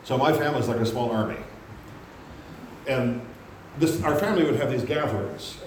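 A man preaching a sermon, animated, acting out quotes in loud high voices. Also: normal speed. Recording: very echoey room with faint background hum.

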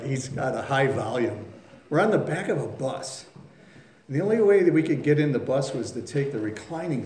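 A man preaching a sermon in a folksy, storytelling way, acting out voices and sounds. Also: mid-range voice. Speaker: pastor. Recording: very echoey room.

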